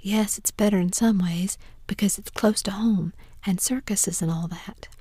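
A woman's voice: mid-range voice, steady tone, moderate pace, warm tone, breathy edge, no room sound, studio quality, natural voice. A woman whispering the part of a bold, adventurous boy in a whispered role-play, eager and a little bossy, with folksy speech.

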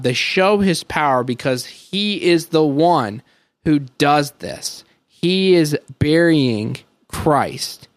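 A man's voice: mid-range voice, no room sound. Earnest man teaching on a podcast. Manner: earnest, thinking aloud with many "like"s and slow emphatic stresses. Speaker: podcast co-host. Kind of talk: casual Bible teaching chat.

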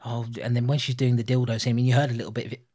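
A man in his thirties co-hosting a casual film review podcast, animated and laughing often. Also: medium pitch, very fast. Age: 30s. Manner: animated, laughing, puts on voices for quotes. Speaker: podcast co-host.

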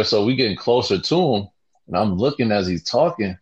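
A man's voice: on the low side, expressive, fairly quick, husky. A man telling a work story in casual slang, laid-back and amused. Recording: dull lo-fi recording.

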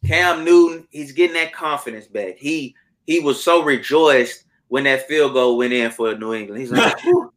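A man co-hosting a sports betting podcast in casual chat, animated and repeating words for emphasis. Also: medium pitch, normal speed.

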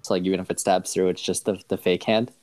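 Halting man describing his character. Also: sits low, little pitch movement, darkish tone. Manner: halting, with many fillers. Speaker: player. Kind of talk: playing a tabletop game.

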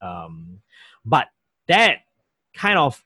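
A man from Malaysia explains slang in relaxed chat, acting out the phrases as he goes. His pitch jumps around a lot and he laughs often. The recording is dry and close. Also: extremely slow, breathy edge, no echo. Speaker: guest explaining language. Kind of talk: casual conversational explanation.

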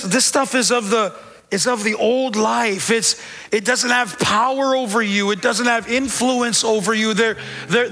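A middle-aged man preaching a sermon in church as pastor, joking and animated, with bits of street slang. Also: very high voice, in a large hall.

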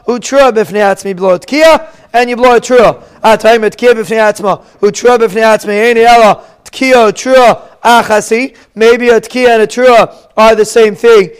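Man, high clear voice, Ashkenazi Hebrew pronunciation, explanatory Talmud teacher. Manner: explanatory, mixes Hebrew and Aramaic terms with English. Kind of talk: Talmud lesson, translating Aramaic and Hebrew phrases.

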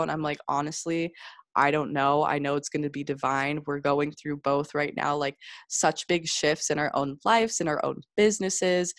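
A woman podcast host with a low, deep-set voice, gushing and excitable, her talk full of likes and ums. The sound is dry and close, with no room around it. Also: dry recording. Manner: gushing, excited, many fillers. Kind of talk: casual podcast chat.

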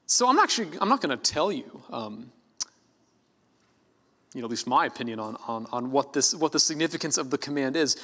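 Male pastor, easygoing sermon delivery, expressive intonation, recorded in a reverberant church hall. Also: medium pitch, brisk. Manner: conversational, lively preaching with light laughs and self-corrections.

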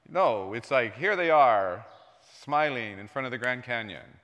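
A man's voice: medium pitch, lively intonation, moderate pace. Man preaching in a reverberant hall. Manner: conversational preaching, jumps between soft and loud. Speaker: pastor. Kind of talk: sermon. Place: church sanctuary.

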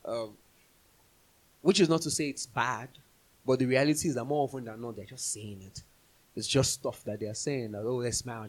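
Man, bible teacher, husky voice, mid pitch, conversational, everyday examples. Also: a little mellow, poor audio.

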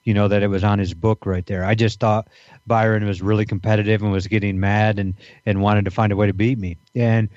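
A man talks on a podcast in a loose, rambling way, full of ums and restarts. His voice sits low, and the sound is dry and a little dull, like a modest home setup. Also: flat delivery, fairly quick, a little mellow, dry recording. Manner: rambling, many fillers and restarts. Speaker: podcast co-host. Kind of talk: casual podcast banter.

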